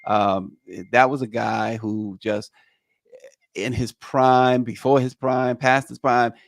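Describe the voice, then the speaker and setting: A man's voice: medium pitch, flat delivery, slow, vocal fry, no echo. A man hosting a morning news show, reading headlines and chatting loosely with many fillers and restarts. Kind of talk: news talk and casual commentary.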